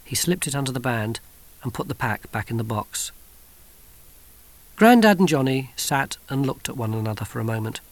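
A man reading a novel aloud in measured, wry audiobook narration. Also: medium pitch, expressive, no room sound.

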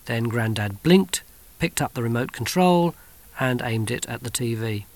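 A man's voice: mid-range voice, animated, dry recording. Dry, close male audiobook narrator. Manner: measured, wry storytelling.

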